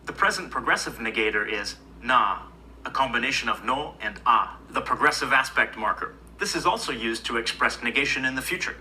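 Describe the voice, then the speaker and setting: A man giving scripted educational narration, explaining grammar in an even, explanatory way. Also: medium pitch, brisk, a little hiss or hum, rough recording. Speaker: language video narrator.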